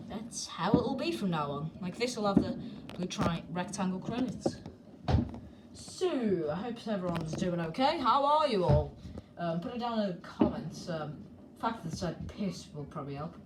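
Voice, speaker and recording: A young woman chats cheekily to her camera in a living room, her voice sitting a touch low. She rambles with plenty of ums and asides. The home recording is noisy, with clicks behind her voice. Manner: chatty, rambling, cheeky, many fillers. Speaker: channel host. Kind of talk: casual live commentary. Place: indoor living room by a window. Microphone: handheld camera.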